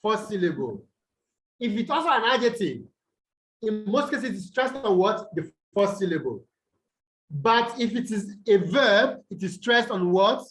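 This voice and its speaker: A man tutoring English pronunciation over a video call, asking questions and answering them himself, and repeating words slowly to show where the stress falls. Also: sits high, lively intonation, a bit bright, poor audio. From Nigeria. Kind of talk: online tutorial lesson.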